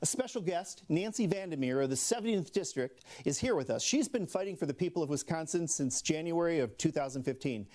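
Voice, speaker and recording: A man with an Upper Midwest American accent runs a local talk show's comedy monologue. His pitch rises and falls a lot as he sets up jokes, and he laughs softly at his own punchlines. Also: expressive, brisk, hardly any pauses. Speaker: late-night comedy host.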